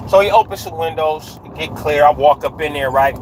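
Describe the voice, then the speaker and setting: Guy with a kinda high voice livestreaming from his car at night, street slang, lots of "right?", faint road hum behind. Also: fairly even intonation, brisk, few pauses, poor audio. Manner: street slang, frequent "right?" tags, greets viewers mid-story. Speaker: livestreamer telling a story. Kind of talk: casual storytelling livestream.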